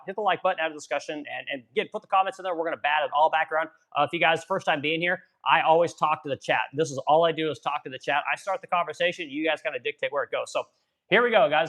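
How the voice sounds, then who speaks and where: A man's voice: on the high side, fairly bright tone. A man in his forties from Missouri, hosting a livestream and ranting profanely about politics while reading chat comments. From Missouri, USA. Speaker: livestream host.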